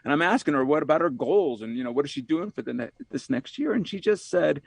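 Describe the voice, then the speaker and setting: A man's voice: on the high side, expressive, quick pace, vocal fry, hardly any pauses, husky, no echo. A man, an author from New York, talks as a podcast guest in a reflective, rambling way, often saying "you know" and repeating words.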